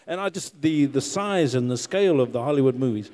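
A man from New Zealand, an actor, telling easygoing stories on a panel with many pauses and fillers. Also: medium pitch. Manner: relaxed storyteller, self-deprecating, lots of uh and um. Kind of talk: panel Q&A answers. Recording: long hall reverb.

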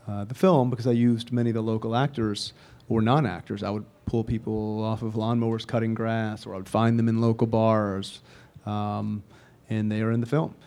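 Male director for a press junket: low, mellow, deliberate voice with little melody. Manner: measured, deliberate, with occasional fillers. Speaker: film director and writer. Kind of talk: press interview answers.

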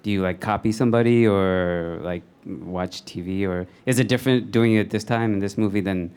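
A man in the audience asking a question in a hesitant, halting way. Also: fairly low pitch, darkish tone, smooth.

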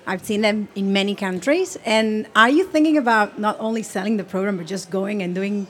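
A woman's voice: medium pitch, brisk. A woman in the audience asking a question in a friendly, direct way.

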